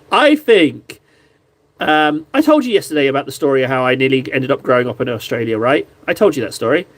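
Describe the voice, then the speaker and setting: A man from southwest England with a southern English accent, hosting a live stream and chatting casually, excitable and quick to interrupt himself. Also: fairly high pitch. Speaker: live-stream host painting miniatures.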